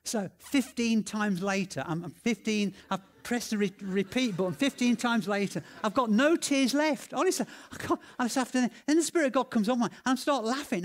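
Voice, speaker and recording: A man telling stories in a sermon, animated and excitable, with lots of restarts and repeated words. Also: very high-pitched, normal speed. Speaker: preacher. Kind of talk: sermon storytelling.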